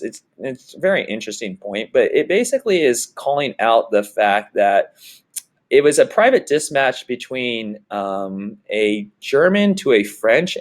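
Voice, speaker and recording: Chatty male history teacher. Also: medium pitch. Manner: chatty, loose explaining with fillers and restarts. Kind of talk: casual classroom lecture.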